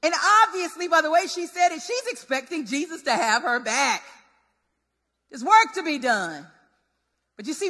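Woman preaching, bright and high, super animated, big echoey church. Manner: lively, conversational, relatable. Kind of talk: sermon. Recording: long hall reverb.

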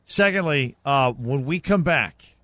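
Blunt, bright-toned male sports radio host. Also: mid-range voice, animated, a little slow, dry recording. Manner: blunt, teasing, reads station promos.

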